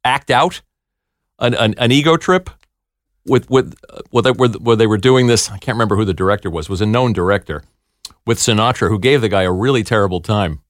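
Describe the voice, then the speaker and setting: A man's voice: lowish voice, fairly quick, no echo. A man hosting a casual studio interview, searching for his words as he asks questions. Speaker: host. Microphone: studio microphone.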